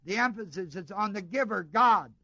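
Emphatic high-voiced man preaching a sermon. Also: normal speed, sharp tone, dry recording, lo-fi sound. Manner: call-and-response questions to the congregation, emphatic repetition.

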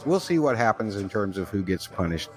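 A man's voice: on the low side, very animated, brisk, soft background music. A man hosting his own podcast alone, chatty and rambling, with fillers and asides. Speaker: podcast host. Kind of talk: solo podcast recap.

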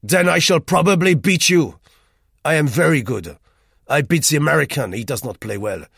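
An arrogant, irritable man, curt and boastful, put on by a male audiobook narrator. His lines come out loud and clipped, husky at the edges, set higher than the narration, with a lively swing. The recording is dry and close. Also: normal speed, no room sound, heavily acted. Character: arrogant, suspicious, irritable middle-aged man. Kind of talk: audiobook character voice.

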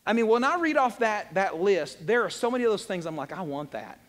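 A man preaching in a high, sharply swinging voice, joking and talking straight to his congregation. His voice carries the long reverb of a church sanctuary. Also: big pitch swings, quick pace, a bit bright. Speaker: pastor. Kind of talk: sermon.

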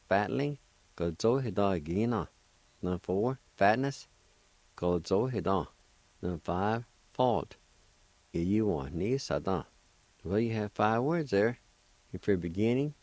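A man hosting a radio language lesson, speaking deliberately and spelling out words syllable by syllable. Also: lowish voice, darkish tone, dry recording. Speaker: radio host teaching a language.

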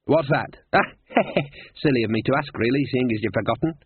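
A man's voice: mid-range voice, moderate pace, slightly rough, no room sound. A man doing a wry, weary barman. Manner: hesitant, wry. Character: weary middle-aged male barman. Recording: tinny phone-like sound.

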